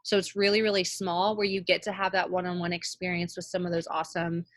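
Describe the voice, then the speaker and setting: A woman's voice: on the low side, little pitch movement, fast, no echo. An emphatic woman leads her team on a motivational call. She talks in a dry, close sound and leans on repeated words for emphasis. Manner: emphatic, repeats phrases for effect. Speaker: team leader. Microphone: call audio.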